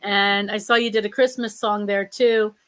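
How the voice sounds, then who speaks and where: A woman's voice: mid-range voice, level tone, normal speed, fairly bright tone. A woman hosting a casual interview show, chatty and upbeat, laughing often. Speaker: host.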